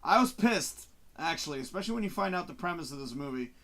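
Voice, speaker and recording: A man hosting a casual live-stream chat, talking through a movie he watched. His voice sits high for a man and swings widely in pitch. He is excitable and swears freely, acting out his own reactions as he goes. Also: fast talker. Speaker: host.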